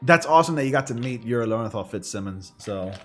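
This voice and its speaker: Talking animatedly and fast at medium pitch, a man hosts a gaming livestream with soft background music. His casual chat rambles and is full of fillers, recorded on a studio condenser mic.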